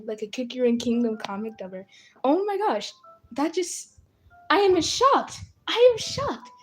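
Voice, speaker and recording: A woman casually commenting on her gameplay while streaming, excitable and talking to her chat with lots of starstruck exclamations. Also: high-pitched, a little hiss or hum. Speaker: game streamer.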